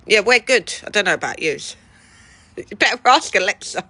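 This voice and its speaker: A woman chatting with her livestream viewers, laughing often and swearing casually. Her voice sounds bright and crisp at mid pitch. The sound is dry and close to the mic. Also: expressive, normal speed, no room sound. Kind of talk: casual chat with live viewers.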